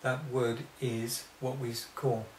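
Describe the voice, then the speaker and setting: A man teaching a spoken lesson, talking slowly and haltingly, often restarting and clearing his throat. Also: mid-range voice, little pitch movement, reverberant, a little hiss or hum. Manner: slow and hesitant, frequent restarts and throat clearing.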